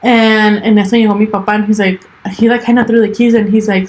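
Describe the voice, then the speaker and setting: A woman's voice: medium pitch, fairly even intonation, fast talker, a little mellow, rough recording. Bilingual young woman telling a story. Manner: switches between English and Spanish, lots of "like" and "dude". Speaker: podcast co-host. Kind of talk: casual storytelling chat.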